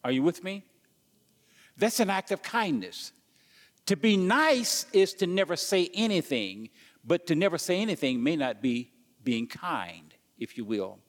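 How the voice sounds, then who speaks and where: A pastor preaching in a church sanctuary, his voice pitched a touch high. He stumbles and repeats himself while asking the congregation questions. A long echo from the hall trails his words. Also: big pitch swings, unhurried. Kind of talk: sermon.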